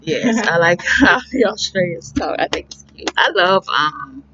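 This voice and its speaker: A woman's voice: medium pitch, animated, a little slow, highs cut off, noisy background. A woman vlogger chatting outdoors by a pool, rambling in a candid, slangy way. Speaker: beauty vlogger. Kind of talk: casual chat.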